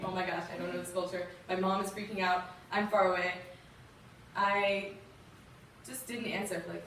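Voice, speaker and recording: Her medium-pitched voice has a fairly bright tone, with slight background noise and a distant mic in a large reverberant room. This young Southern guest speaker shares a heartfelt personal story with young listeners, earnest, emotional and conversational, using fillers.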